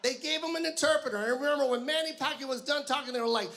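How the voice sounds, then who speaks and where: A male stand-up comedian telling stories with animated, profane delivery, shouting his punchlines on stage. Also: very high voice, rapid-fire. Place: comedy stage before a live audience. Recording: live stage mic with audience and room noise.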